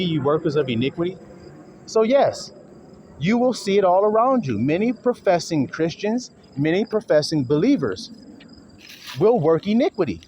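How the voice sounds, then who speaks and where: A man's voice: a little high, darkish tone, slight background noise. Blunt, profane man preaching a sermon. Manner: blunt, profane street preaching, acts out quarrels. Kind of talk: informal sermon.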